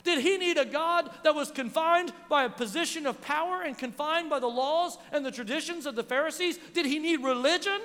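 A man's voice: very high voice, brisk, few pauses, pushed and bright. A male pastor preaching a sermon, telling a story and acting out the lines of the people in it. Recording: long hall reverb.

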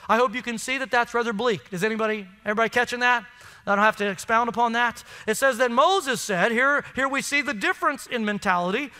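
A man's voice: extremely high pitch, quick pace, pushed and bright, long reverb tail. A man preaching a sermon to his congregation, emphatic and conversational, asking the room questions. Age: adult with children. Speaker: pastor. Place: church sanctuary.

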